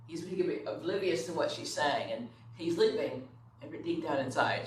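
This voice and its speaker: A woman's voice: low voice, lively intonation, a little fast, a little mellow. Woman lecturing in an echoey room. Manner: conversational, checks in with "okay?" and "right?". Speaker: instructor. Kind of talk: classroom lecture. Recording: echoey room, far from the mic, faint room noise.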